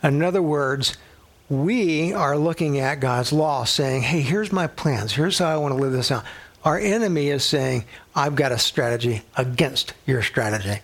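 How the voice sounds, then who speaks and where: Man, Bible study teacher, earnest, conversational, gravelly, husky. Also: medium pitch, moderate pace. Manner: earnest, conversational, drops to a whisper for emphasis.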